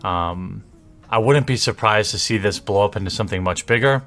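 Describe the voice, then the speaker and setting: A man speaking a monologue to camera, laying out his argument in a measured way with rising endings. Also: fairly low pitch, fairly bright tone, soft background music. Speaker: commentator in a played video.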